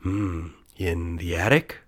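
Storybook thief, sly and greedy, low-voiced, scheming asides, read by a man. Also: slow, a bit bright, exaggerated voice. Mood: teasing. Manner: scheming, teasing, whispering asides.

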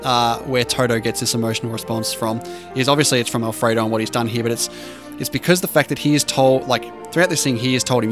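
A man's voice: mid-range voice, fairly even intonation, fast, over music. A man co-hosting a podcast who explains film scenes at length in a rambling, chatty way. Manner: explanatory, rambling, fond of trivia. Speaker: podcast co-host. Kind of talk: casual film discussion.

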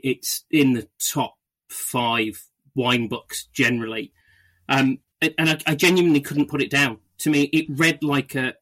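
Male podcast host, bright and forceful voice, mid pitch, eager, stumbles and restarts a lot, casual chat. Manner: stammering restarts, enthusiastic.

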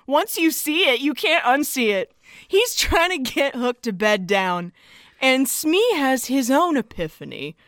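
Animated high-voiced woman podcast co-host. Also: measured pace, dry recording, studio quality. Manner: animated, laughing, emotional. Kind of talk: casual movie-discussion chat.

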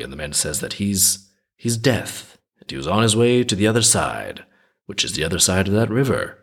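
Husky low-voiced man retelling a story. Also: sing-song, moderate pace, a bit bright. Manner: chatty, conversational. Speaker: podcast host.

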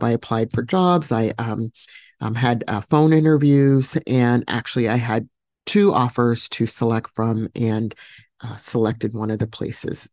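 A woman hosting a podcast, telling a personal story alone in a reflective, heartfelt way, pausing to search for words. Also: very deep voice, fairly even intonation, darkish tone, dry recording, studio quality. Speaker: podcast host.

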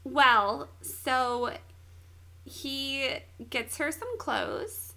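High-voiced, giggly young woman. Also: drawn-out words, gravelly. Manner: giggly, animated storyteller. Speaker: podcast co-host. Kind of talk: casual chat, retelling a manga.

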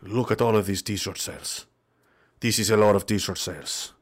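A man's voice: on the low side, steady tone, extremely slow, dark tone, voice pushed down. A man voicing a gloating male revolutionary in a hammy mock Spanish accent. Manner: hammy, mock-foreign drawl.

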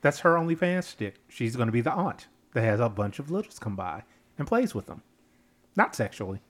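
A woman's voice: extremely low pitch, very animated, fairly quick. A woman hosting a podcast in casual chat, moderating the others and laughing a lot. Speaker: podcast host. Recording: loud background noise.

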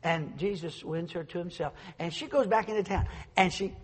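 Male pastor, fervent and slightly higher-pitched, surging then dropping soft, recorded in a reverberant church hall. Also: moderate pace, slightly rough. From North Carolina, USA. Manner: swings from loud preaching to soft, with stumbling restarts. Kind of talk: fervent sermon.

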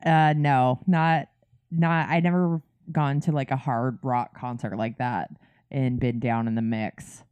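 A woman's voice: extremely low pitch, fairly even intonation, a little slow, a little mellow, clean tone, dry recording. A woman in casual podcast chat who laughs easily and talks in a chatty way.

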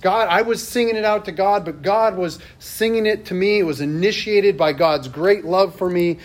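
A man's voice: high voice, moderate pace. A middle-aged male pastor giving a sermon in a church, telling a personal story in a conversational way with self-deprecating asides.

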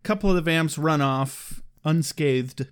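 High-voiced man recapping a show. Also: unhurried, clean tone. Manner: recaps with sarcastic asides and mock character voices. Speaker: podcast co-host. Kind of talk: casual chat recapping a TV episode.

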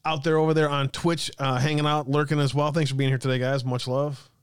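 Man, live-stream host, casual chat, laughs a lot, smooth voice, dry close sound. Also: fairly high pitch, little pitch movement, fairly quick, no room sound. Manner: chatty, reads chat aloud, laughs often.

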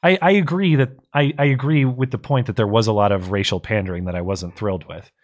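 A man's voice: fairly low pitch, fairly even intonation, fast talker. Tired-voiced man reading viewer messages. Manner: thinking aloud with restarts and stumbles. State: tired, voice going. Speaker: co-host. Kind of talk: casual political talk, reading viewer messages.

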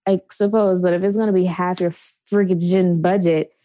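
A woman's voice: fairly low pitch, fairly even intonation, moderate pace, dark tone, no echo. A woman co-hosting a casual movie chat podcast, laughing often as she talks. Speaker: podcast co-host.

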